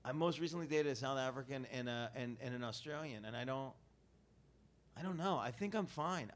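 Podcast host guy, casual rambly chat, mid pitch, lots of restarts. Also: a little fast. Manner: rambling, restarts sentences, laughs easily.

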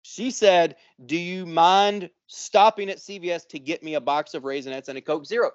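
A man's voice: on the high side, a little slow, no room sound, highs cut off. A man co-hosting a podcast, telling a long profane story and acting out both sides of an argument. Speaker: podcast co-host. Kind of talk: casual storytelling.

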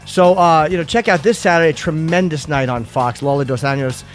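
Male podcast host, casual and stumbling, a bit high, light music under. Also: fairly quick. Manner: loose, stumbling, swears casually. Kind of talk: casual chat.

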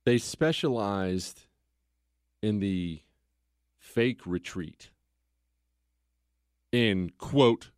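A man's voice: medium pitch, expressive, slow pace, pauses often, dry recording, studio quality. A man hosting a podcast who tells history casually and conversationally, full of rhetorical questions. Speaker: podcast host.

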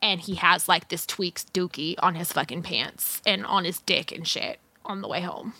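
A woman's voice: on the low side, moderate pace, pushed and bright. A woman, telling a story on a podcast in profane casual chat and acting out the quotes.

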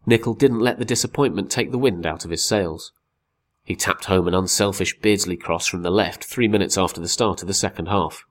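Deep-voiced man narrating, wry and measured. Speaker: narrator reading a magazine article. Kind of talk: scripted narration.

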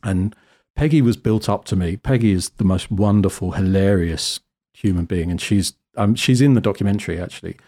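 A British man telling a lively, self-deprecating story as a guest photographer in a casual interview. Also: low-pitched, a little fast. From Britain. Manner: animated, self-deprecating, acts out quotes.

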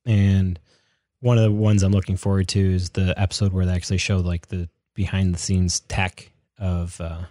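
A man's voice: sits low, little pitch movement, normal speed, warm tone, no room sound, clean studio sound. A young man chatting casually as a podcast co-host, rambling with lots of fillers and restarts. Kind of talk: casual chat.

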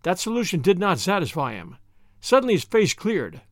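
A man narrating an audiobook in an expressive storytelling manner. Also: sits high, normal speed, dry recording, clean studio sound. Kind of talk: scripted narration.

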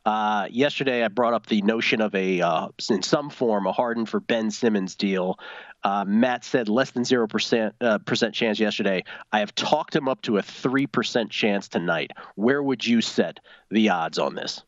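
A man's voice: on the low side, normal speed, no room sound, highs cut off. A man hosting a sports betting show in an easygoing, chatty manner.

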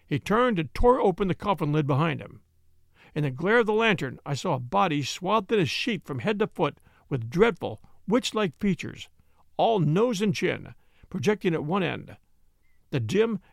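A man narrating a classic detective story in an expressive, dramatic way. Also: high-pitched, gravelly, dry recording, clean studio sound. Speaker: audiobook narrator.

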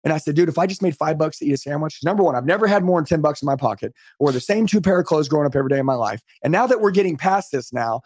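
A man's voice: a little high, expressive, racing, hardly any pauses, a little mellow, no room sound. A middle-aged man telling his story as a podcast guest on a call, emphatic and motivational. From United States. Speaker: podcast guest, sales trainer. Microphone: remote call.

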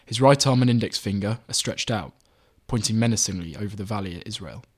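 A man reading his own magazine article aloud in measured, even scripted narration. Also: on the low side, breathy edge.

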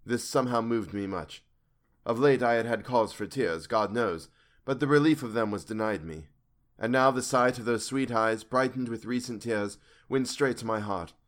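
Male narrator, measured, earnest, mid-range voice, audiobook reading. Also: medium pitch. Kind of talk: scripted literary narration.

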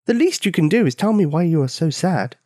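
A man voicing a small, brave young girl who speaks loudly and insistently in a raised voice. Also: big pitch swings, fairly quick, dry recording, clean studio sound. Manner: loud, high, insistent.

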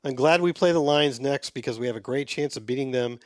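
A man's voice: medium pitch, quick pace, dry recording, studio quality. A man hosting a casual sports podcast, chatting and reading listener emails aloud in a self-deprecating way.

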